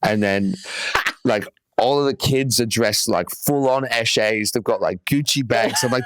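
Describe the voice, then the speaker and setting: A man's voice: mid-range voice, unhurried, poor audio. A young man, telling a rambling comedy story full of fillers and swearing on a podcast. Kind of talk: casual storytelling.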